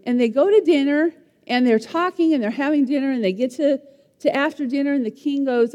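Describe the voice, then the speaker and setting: Woman teacher, lively bible-story lesson, high voice, mellow tone, quizzes listeners, long hall reverb. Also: brisk. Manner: animated, asks the listeners questions.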